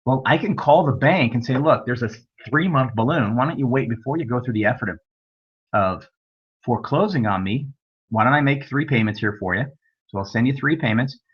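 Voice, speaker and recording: A man's voice: medium pitch, lively intonation, a little fast, breathy edge. A man teaching real estate investing in a webinar, telling folksy stories and acting out both sides of conversations. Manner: folksy storytelling, acts out dialogue. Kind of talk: webinar lecture with anecdotes. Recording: dull lo-fi webinar audio.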